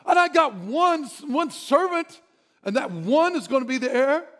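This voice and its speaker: A man's voice: very high voice, lively intonation, a little slow, fairly bright tone, voice pushed up, full character voice. A man voicing a frustrated biblical patriarch who complains to God, pleading and repeating himself. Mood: exasperated complaining.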